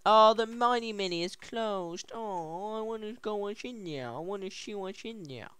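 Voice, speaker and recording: An excitable, giggly let's play co-host reading signs aloud, with a voice going hoarse. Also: medium pitch, normal speed, no echo. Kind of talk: casual gameplay commentary.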